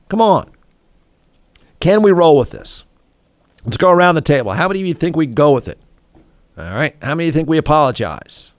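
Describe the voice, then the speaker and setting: A man's voice: a little high, lively intonation, brisk, pauses often, no room sound, clean studio sound. A man hosting a talk show, ranting in a snarky, irreverent way and laughing at his own jokes. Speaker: radio show host. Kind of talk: comedic talk show rant.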